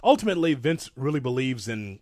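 A man chatting casually as a podcast co-host, his voice sitting at an ordinary middle pitch. He rambles, restarts and jumps to animated asides. The sound is dry and close, with no room around it. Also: a little fast, no echo. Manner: rambling, self-deprecating, animated. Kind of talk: casual wrestling chat.

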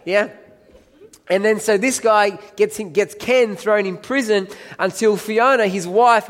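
Man, pastor, high voice, animated storytelling sermon, long hall reverb. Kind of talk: sermon with audience volunteers.

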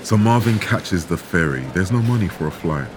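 A man telling a true story in measured, dramatic scripted narration, with rhetorical questions. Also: deep voice, lively intonation, background noise. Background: background music.

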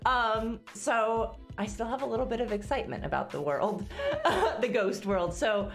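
A woman's voice: on the high side, animated, normal speed, over music. A woman co-hosting a podcast, talking in a chatty, earnest way with many fillers. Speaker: podcast co-host. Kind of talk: casual chat.

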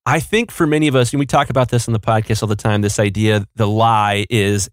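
A man's voice: mid-range voice, expressive, a little fast, few pauses, no room sound, studio quality. A married man hosting a podcast, speaking bluntly and with strong opinions. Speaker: podcast host. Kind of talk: casual podcast chat.

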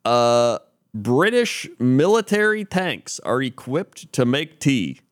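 Very animated but taking it slowly, this medium-pitched podcast co-host reads out mock sports and news bits. He's casual and laughs frequently, tripping over words as he reads.

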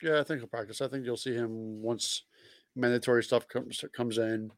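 A man's voice: medium pitch, steady tone, normal speed, dry recording. A man co-hosting a casual sports podcast, blunt and profane, laughing at his own points. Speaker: podcast co-host.

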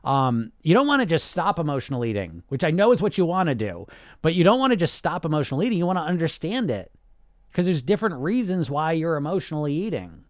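Male podcast coach, blunt and sarcastic, swears freely, slightly high voice, dry sound. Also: sing-song, fast talker, no echo. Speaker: weight loss coach and podcast host. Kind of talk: casual podcast monologue.

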